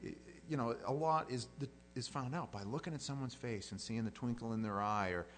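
A man's voice: medium pitch, fairly quick, a little hiss or hum. A middle-aged male pastor giving a plain-spoken, conversational sermon and often acting out the voices he quotes.

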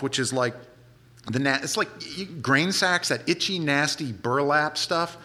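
A male preacher retells a scripture story in a loose, chatty way, full of asides. His voice is bright and forceful, and his pitch swings widely as he tells the story. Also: normal speed. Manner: animated, conversational retelling with casual asides. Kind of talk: sermon storytelling.

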